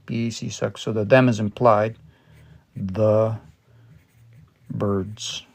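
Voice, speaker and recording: A man with a lowish, gravelly, darkish voice takes things slowly, with little pitch movement and frequent pauses. A language learner himself, he leads a casual livestream study session, thinking aloud, spelling words letter by letter and patiently explaining through worked examples.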